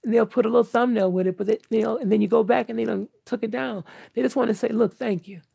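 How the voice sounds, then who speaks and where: A woman's voice: a little high, fairly even intonation, fast, gravelly, warm tone, husky, dry recording. An older woman talking candidly to her viewers in an earnest, emphatic, outspoken way. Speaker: vlogger.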